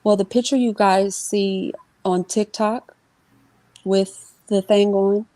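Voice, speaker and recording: A woman giving an interview, telling a personal story in a quick, conversational way with many fillers and restarts and imitating the people in it. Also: medium pitch, steady tone, dark tone, no echo. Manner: voices others in her retelling. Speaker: interview guest. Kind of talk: emotional personal account in an interview.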